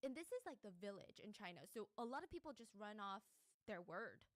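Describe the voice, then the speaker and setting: A woman casually telling a dramatic story in an animated, chatty way. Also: medium pitch, brisk, dry recording, low-quality recording. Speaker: storyteller host.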